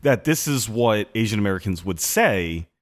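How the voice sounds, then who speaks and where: A man's voice: fairly low pitch, normal speed. A man co-hosting a podcast in casual chat, rambling and acting out quotes. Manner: animated, rambling, acts out quotes. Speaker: podcast co-host.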